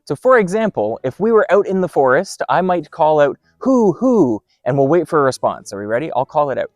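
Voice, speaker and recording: Lively upbeat man hosting outdoors. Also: fairly high pitch, fast talker, dry recording, studio quality, soft background music. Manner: upbeat and playful, doing owl calls. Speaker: park host. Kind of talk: outdoor educational presentation. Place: outdoors by wooded trails.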